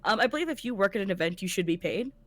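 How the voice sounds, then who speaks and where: A woman's voice: mid-range voice, lively intonation, rapid-fire, fairly bright tone. A woman co-hosting a podcast in casual chat, talking bluntly and animatedly and swearing freely. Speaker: podcast co-host.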